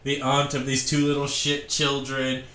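A man's voice: mid-range voice, completely flat delivery, normal speed, sharp tone. Easygoing man in a roomy echo. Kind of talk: casual chat. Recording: roomy, echoey room sound.

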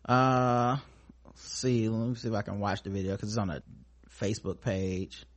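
A man's voice: fairly low pitch, fairly even intonation, moderate pace. A male podcast host talking casually about news, sarcastic and profane.

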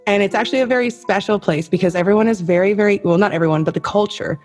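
A woman's voice: medium pitch, rapid-fire, a little mellow, faint music behind. A woman from Canada hosting a podcast in casual chat, talkative and playful, swearing now and then. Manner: chatty, swearing freely, playful quizzing. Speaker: podcast host.

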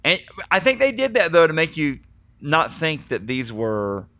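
A man hosting a relaxed movie podcast, rambling and getting animated when something bugs him. His voice sits a bit high for a man, and the sound is dry and close. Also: unhurried, no echo. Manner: animated, rambling, gets excited. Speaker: podcast host. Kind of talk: casual movie review chat.

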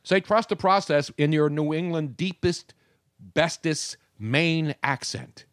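A man's voice: a little high, takes it slowly, no room sound, clean studio sound. A man hosting a talk show, joking and rambling in casual banter. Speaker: radio show host.

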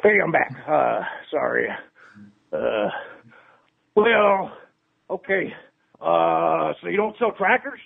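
A man's voice: fairly high pitch, expressive, slow pace, vocal fry, long pauses. A man calling in to a show with a rambling, aggressive prank call. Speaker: caller. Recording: tinny phone line.

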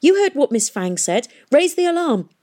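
A woman voicing a frantic young male hero who shouts his lines urgently. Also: sits high, very animated, normal speed, voice pushed up. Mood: urgent shouting.

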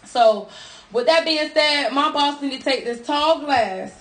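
Blunt high-voiced woman in an echoey room. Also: a little slow. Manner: blunt, profane, preachy. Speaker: podcast co-host. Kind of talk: casual podcast chat. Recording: echoey room with clear noise.

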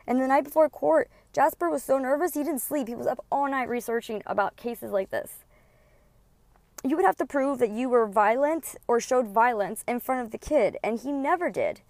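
A woman's voice: sits high, normal speed, a little mellow, no room sound. A young woman hosting a podcast, telling a personal story with plenty of swearing and acting out the quoted dialogue. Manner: candid, swears freely, acts out quoted dialogue. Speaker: podcast host.

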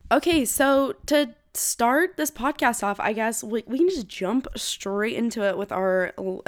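A woman's voice: fairly high pitch, normal speed, few pauses, no echo, clean studio sound. A young woman hosting her own podcast, chatting casually and rambling with self-deprecating humor while sick with a head cold and a runny nose. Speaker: podcast host. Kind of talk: casual solo podcast chat.

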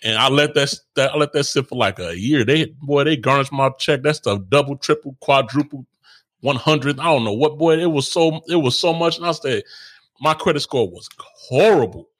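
A man's voice: mid-range voice, a little fast, few pauses, fairly bright tone. A man, a parent, co-hosting a casual chat. He rambles, laughs often and talks frankly with slang. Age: adult with kids. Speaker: podcast co-host.

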